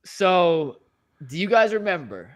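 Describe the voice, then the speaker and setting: A man's voice: high-pitched, very animated, takes it slowly. A man co-hosting a sports talk show, telling stories in casual studio chat. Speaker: co-host.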